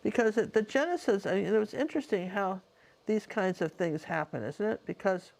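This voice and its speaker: A woman's voice: mid-range voice, expressive, brisk, vocal fry, a little mellow. A woman, a painting teacher, casually telling a personal story in a chatty, rambling way with lots of asides.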